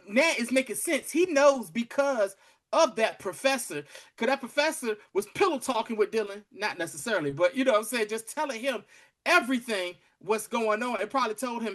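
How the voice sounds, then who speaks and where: A man co-hosting a casual TV recap podcast, laying out a theory and acting out what characters said in a lower voice. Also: lively intonation, moderate pace, fairly bright tone. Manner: storytelling, acts out quoted characters in a low voice. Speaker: podcast co-host.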